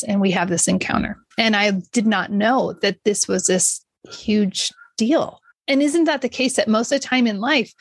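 A woman's voice: medium pitch, no room sound. A woman hosting a podcast, telling a motivational story in an earnest, upbeat way and laughing often. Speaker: podcast host.

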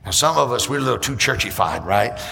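A male pastor preaching a sermon, acting out church members and rising into shouts. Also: medium pitch, animated, creaky. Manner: acts out church members in quick asides. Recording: reverberant hall with music behind.

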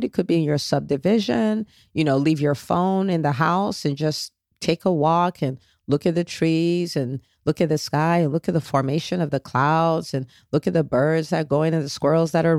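A woman's voice: low voice, gravelly, a little mellow, dry recording, clean studio sound. A woman hosting a motivational solo podcast, coaching listeners directly and checking in with frequent "okay?"s, with an encouraging, faith-based tone. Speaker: podcast host.

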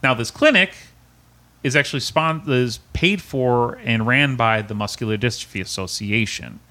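A man's voice: medium pitch, moderate pace, bright, forceful tone. A man telling his own story as a podcast guest. He speaks earnestly and emotionally, restarting often and repeating words. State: close to tears at times. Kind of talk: personal storytelling in an interview.

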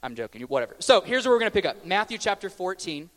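A man preaching a sermon in a conversational, joking way, slowing down for emphatic questions. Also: high-pitched, big pitch swings, fairly bright tone, in a large hall.

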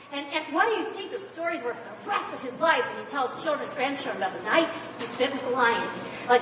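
Animated woman preacher in an echoey hall. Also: high-pitched, recorded from a distance, background noise. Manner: animated, expressive storytelling. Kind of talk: sermon.

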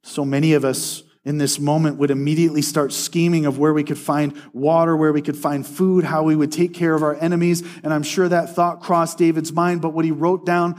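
Guy preaching a sermon, kinda high voice, earnest, slows way down for the verses. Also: darkish tone. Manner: earnest, slows to read scripture aloud.

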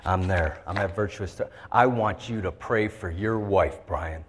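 A heartfelt male preacher with a fairly low voice delivers an emotional sermon. His words ring out with a long reverb, as in a large church hall. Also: unhurried, a little hiss or hum. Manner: heartfelt, voice shifting to act out a dialogue with God.

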